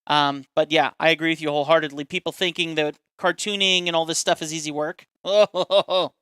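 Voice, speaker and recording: A man's voice: on the high side, flat delivery, fast, sharp tone, smooth, no echo, clean studio sound. A man casually chatting on a live stream while demonstrating a caricature drawing step by step, self-deprecating and talkative.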